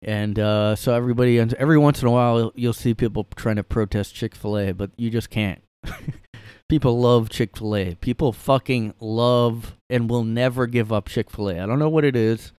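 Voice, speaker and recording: A man's voice: medium pitch, moderate pace, darkish tone, smooth, no room sound. A young man hosting a casual solo podcast from his room, rambling and sarcastic with lots of fillers. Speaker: podcast host.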